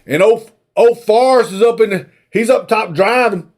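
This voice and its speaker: A man's voice: high-pitched, normal speed. A man, retelling a movie plot as a rambling, folksy comic story. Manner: rambling, folksy, drawling asides.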